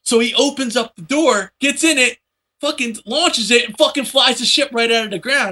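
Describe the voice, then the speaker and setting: A man casually retelling a comic book plot in a profane, animated way, slipping into quick voices for the characters. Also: very high-pitched.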